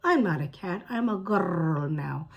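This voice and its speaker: A woman voicing a sly, cruel cat who has taken a girl's body, speaking slowly with purring menace. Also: on the low side, expressive. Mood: smug. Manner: slow, drawn-out purring menace.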